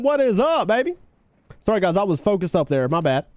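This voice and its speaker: A man's voice: sits high, big pitch swings, fast, a little mellow, no room sound. A man live-streaming a shooter game, chatting with teammates and viewers in a hyped, slangy way, calling everyone baby and bro. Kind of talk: casual gameplay chat with teammates and viewers.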